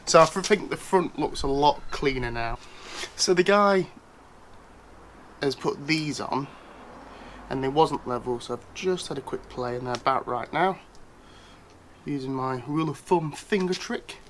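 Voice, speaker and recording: A man's voice: a little high, unhurried, pauses often, a bit bright, slight background noise. A British man presenting a casual how-to vlog as a bike reviewer, chatty and wry, with jokey asides.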